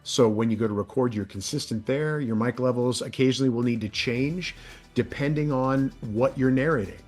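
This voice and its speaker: Man, audiobook narrator, casual interview, animated, faint music under it. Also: fairly quick. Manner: animated, pitch jumps when excited.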